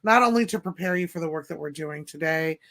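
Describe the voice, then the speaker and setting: A woman's voice: low voice, fast talker, a crowd in the background. A woman hosting a podcast, chatting casually in a gushing, jokey way. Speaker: podcast host.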